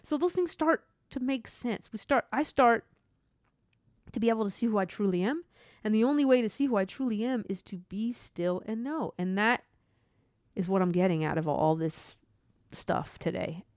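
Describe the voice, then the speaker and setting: A woman talking through her own faith podcast, earnest and meandering, full of "like" and side thoughts. Her voice is smooth and clear, recorded close and dry with no room sound. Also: medium pitch, lively intonation, moderate pace, darkish tone, no echo. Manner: earnest, rambling, with many asides and "like". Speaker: podcast host. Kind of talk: personal faith podcast monologue.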